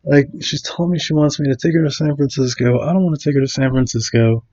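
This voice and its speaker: A man's voice: medium pitch, fast, a little mellow, muffled recording. A man casually telling a story, full of fillers and restarts, acting out other people's lines.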